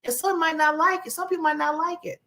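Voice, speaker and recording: A woman hosting her own talk show, giving a motivational talk in a conversational, animated way and acting out contrasting voices. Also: extremely high pitch, quick pace. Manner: conversational, laughs at herself.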